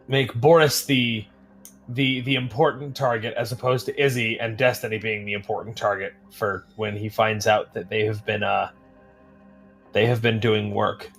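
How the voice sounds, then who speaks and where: A man playing a tabletop role-playing game, talking in a halting way as he thinks aloud. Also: mid-range voice, a bit bright. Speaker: player. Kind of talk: tabletop role-play chat.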